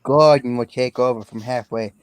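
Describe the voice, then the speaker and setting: A man's voice: medium pitch, fairly even intonation, moderate pace, clear, resonant tone. A man joking crudely and interrupting while reading a storybook with a friend. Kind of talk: casual comic banter.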